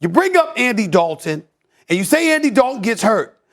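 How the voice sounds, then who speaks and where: A man hosting a sports debate show, ranting loudly and theatrically, with mock-emotional outbursts and stammered repeats. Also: high voice, brisk. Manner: repeats words in bursts when excited.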